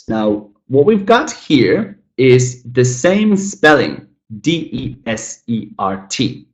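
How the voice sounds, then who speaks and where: A man teaching a live online English lesson, repeating model words and talking directly to viewers in the chat. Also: mid-range voice. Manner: lively, demonstrative, repeats model words slowly, talks to chat.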